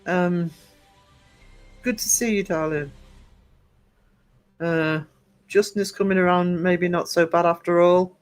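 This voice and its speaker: A man's voice: high-pitched, little pitch movement, takes it slowly, pauses often, clear, resonant tone, soft background music, rough recording. A man hosting a casual live-streamed podcast, reading out chat comments, laughing and teasing, calling people darling.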